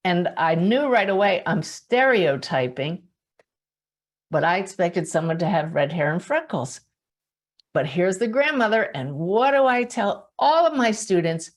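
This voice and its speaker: A woman hosting a webinar as a spiritual medium, telling stories in a chatty, animated way and laughing often at her own anecdotes. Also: mid-range voice. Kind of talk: monthly webinar talk, storytelling.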